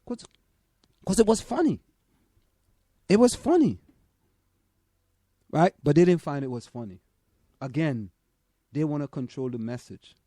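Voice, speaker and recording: A man's voice: a little high, animated, unhurried, pauses often, warm tone, no echo, clean studio sound. A Caribbean-born man co-hosting a casual chat, talking emphatically with many stammered restarts. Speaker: podcast co-host.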